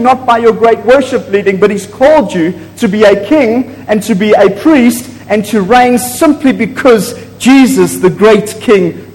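A man preaching a sermon to a congregation in a church, excitable and prone to loud bursts, often asking the people questions. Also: high-pitched. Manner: excitable, gets loud and apologizes for shouting; asks the congregation frequent questions. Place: church hall. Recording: long echo of a large hall.

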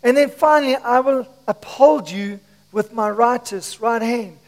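A male pastor preaching a sermon to his church, swinging between shouts and hushed asides, his voice strained from shouting. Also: extremely high pitch, a little slow, long reverb tail. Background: congregation.

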